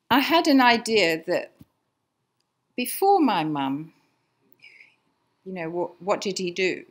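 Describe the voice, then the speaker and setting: An older English woman giving a chatty, anecdotal lecture to an audience, with many fillers and restarts. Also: medium pitch. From England. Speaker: lecturer, designer's daughter. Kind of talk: illustrated public talk. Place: archive lecture room before an audience.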